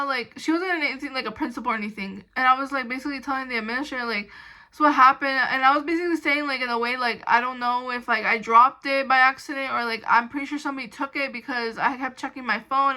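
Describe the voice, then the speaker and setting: A young woman with a high, bright voice tells a personal story to the camera. She rambles casually, stacking "like" and restarting her sentences, with an indignant edge. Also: quick pace, poor audio. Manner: indignant when recounting. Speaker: storytime vlogger.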